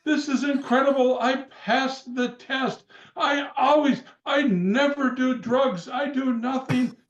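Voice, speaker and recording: A man doing a loud, boastful old wrestler. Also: distant mic. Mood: indignant boasting. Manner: loud, high, drawn-out exclaiming. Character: excitable older male wrestler, boastful and indignant. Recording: roomy, dull remote sound.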